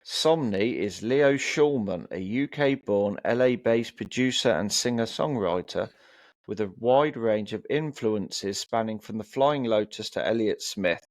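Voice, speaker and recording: A man's voice: fairly low pitch, measured pace, dry recording. A man co-hosting a casual chat about records, reading album blurbs aloud with frequent ums and restarts. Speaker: co-host.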